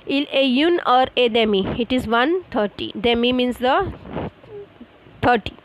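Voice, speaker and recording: High-voiced woman teaching French. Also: expressive, slight background noise, poor audio. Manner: explains slowly with frequent fillers, spells words out letter by letter. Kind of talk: online classroom lesson.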